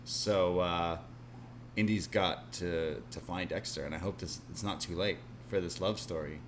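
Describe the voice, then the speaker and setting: A man's voice: sits low, measured pace, noisy background. A man co-hosting a live wrestling review stream, recapping the episode in casual chat and acting out the characters' lines in goofy voices. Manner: animated, acts out quotes in silly voices. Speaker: podcast co-host.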